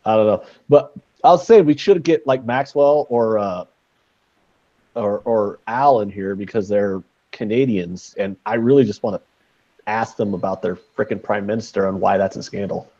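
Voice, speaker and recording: A man's voice: fairly low pitch, normal speed, warm tone. Rambling man on a muffled mic. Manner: rambling, joking, lots of fillers. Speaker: podcast co-host. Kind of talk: casual sports betting chat.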